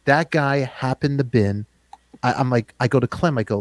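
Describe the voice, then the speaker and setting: A man's voice: mid-range voice, normal speed, low-quality recording. A middle-aged man with a New York accent, hosting a casual interview and talking in chatty bursts. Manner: chatty, talks in bursts with restarts. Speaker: podcast host.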